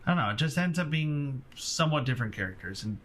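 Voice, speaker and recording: A man's voice: mid-range voice, lively intonation, quick pace, a bit bright. A man co-hosting a casual movie podcast, talking in a rambling, chatty way and laughing often. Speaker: podcast co-host. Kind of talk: casual chat about movies.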